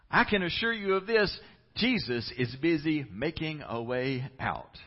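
Fervent male pastor preaching, muffled recording. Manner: swings from low, quiet asides to loud, soaring emphasis; talks directly to the congregation with call-and-response. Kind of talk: sermon. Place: church sanctuary. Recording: muffled, lo-fi live church recording.

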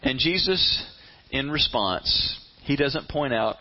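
A man preaching a sermon, retelling a story with lively, swooping delivery. His voice is a little husky and sits fairly high for a man. The recording sounds dull and lo-fi. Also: takes it slowly. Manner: animated storytelling, addresses the audience directly.

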